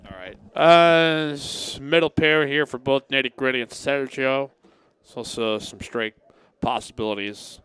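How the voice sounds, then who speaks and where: A man's voice: mid-range voice, a little slow, fairly bright tone, smooth. A man doing live commentary on a poker stream, rambling and chatty, reading out viewer comments and swearing casually.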